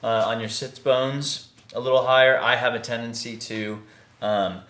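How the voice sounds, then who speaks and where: A man teaching a theatre class, guiding a breathing and vocal warm-up in a slow, calm, soothing way. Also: medium pitch. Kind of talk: guided vocal warm-up instruction. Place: indoor room, recording himself on camera. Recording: echoey room.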